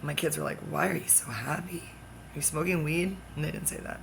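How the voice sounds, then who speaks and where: A woman's voice: low voice, steady tone, a little fast, vocal fry, noisy background. A woman ranting in a rambling personal vlog, agitated and swearing, jumping from one topic to the next. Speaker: vlogger. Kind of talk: rambling personal rant to the camera.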